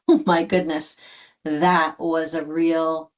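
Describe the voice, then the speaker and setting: A woman's voice: low-pitched, slow pace. A woman, a guest and adoptive mother, telling a story in conversation and acting out the quoted lines with many restarts. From United States. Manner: animated, acts out quoted dialogue with restarts.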